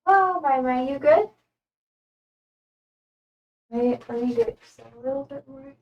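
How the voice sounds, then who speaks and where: A young woman chats casually on a live stream, rambling and emotional, often close to tears as she tries not to cry. Her voice sits high at a measured pace, and she speaks from a distance to the mic, giving dull audio.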